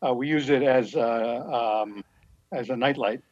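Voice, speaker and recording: A man's voice: mid-range voice, measured pace, darkish tone, no echo. A man speaking as a guest in a casual chat, telling rambling stories in a laid-back way. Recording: dull lo-fi sound.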